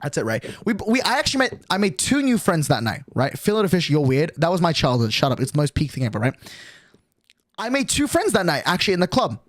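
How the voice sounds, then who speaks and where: A man's voice: on the high side, fast, no echo, clean studio sound. A young man, casually telling a rambling story to his stream chat and tagging lines with "right?". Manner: animated, rambling, with frequent "right?".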